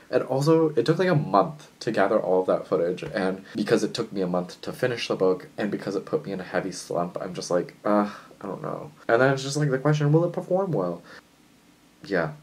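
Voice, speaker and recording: A young man chatting casually in a book vlog, excitable and a little jittery from coffee, swinging between loud enthusiasm and quiet musing. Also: on the low side, poor audio. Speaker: book vlogger.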